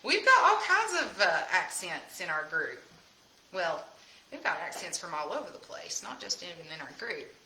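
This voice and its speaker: A woman's voice: fairly low pitch, big pitch swings, normal speed, pushed and bright. A woman from Tennessee with a Southern hill-country accent, hosting a casual live craft demonstration and chatting folksily with viewers. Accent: Southern US, Tennessee hills. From Tennessee, USA. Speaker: craft host. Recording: roomy echo.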